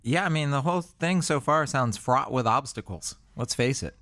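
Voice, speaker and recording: A man co-hosting a podcast keeps the chat casual, joking, teasing, and laughing often. His mid-range voice is animated and fairly bright at a moderate pace, captured as clean studio sound with no echo.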